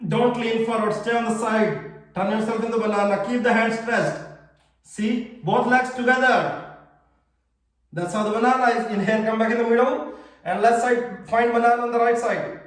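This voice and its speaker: A man's voice: very high-pitched, steady tone, moderate pace. A man teaching a live online yoga class for children, giving cheerful, simple step-by-step cues. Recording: very echoey room, voice far from mic.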